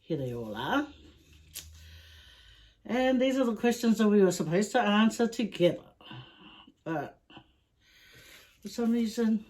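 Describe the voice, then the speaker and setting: Slow-talking woman mukbang vlogger. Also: medium pitch, expressive, a little mellow. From Samoa. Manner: unhurried, chatty, with small laughs and sighs. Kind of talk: casual chat to camera.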